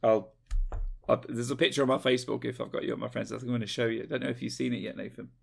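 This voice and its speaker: A man chats away on a podcast, quick to get excited and throw in jokey asides. His voice has a gravelly rasp to it, sitting at an ordinary middle pitch. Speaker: podcast co-host. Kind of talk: casual chat.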